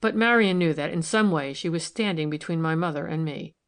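A man's voice: a little high, brisk, fairly bright tone, clear, resonant tone. A woman reading the lines of a troubled young man who speaks soberly and wistfully in an audiobook.

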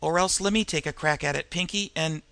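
In an old crime story, a man puts on a nervous street crook who growls and snarls his lines in a thick New York street dialect. The voice sits a little high, gravelly and sharp-edged, with the sound close and dry. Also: moderate pace, no echo. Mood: irritable.

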